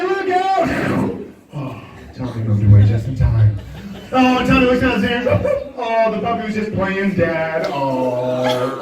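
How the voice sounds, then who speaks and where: Male stage hypnotist, high voice, dramatic storyteller, taped from afar in a booming hall with crowd laughter. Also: recorded from a distance. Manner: dramatic, animated storytelling with sudden shouts. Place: school event hall with an audience. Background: audience laughter.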